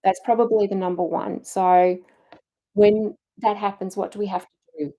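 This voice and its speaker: A woman's voice: medium pitch, flat delivery, normal speed, dark tone, low-quality recording. A middle-aged woman coaching a challenge group on mindset, earnest and encouraging, acting out inner self-talk.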